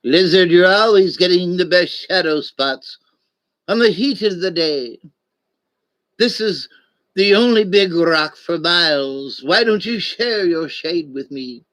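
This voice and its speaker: Sly hissy snake guy , a man putting on his old puppet voice, pinched and higher up. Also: animated, slow, a bit bright, full character voice. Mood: wheedling. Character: hissing male desert snake, annoyed, sly.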